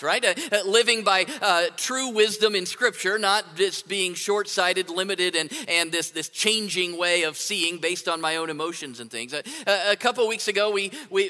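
Bright-voiced man preaching in a reverberant hall. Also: high-pitched. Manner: conversational, asks rhetorical "right?". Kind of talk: sermon.

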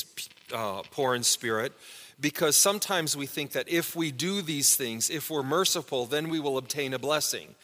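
A man's voice: a little high, bright, forceful tone, in a large hall. A man preaching a sermon in a church, teaching a Bible word study in a conversational way and asking the congregation questions. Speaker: pastor. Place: church sanctuary.

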